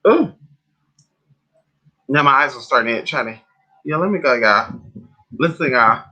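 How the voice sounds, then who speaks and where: A man livestreaming as a spiritual advisor, chatting casually and sassily with viewers, calling them honey and girl. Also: slightly rough. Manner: animated storyteller with big pitch swings.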